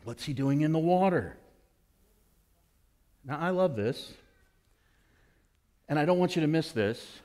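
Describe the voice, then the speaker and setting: A man's voice: on the high side, a little slow, long pauses. A male pastor preaching a sermon in a church, asking the congregation questions and acting out the people in the story. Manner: animated, acts out voices of people in the story.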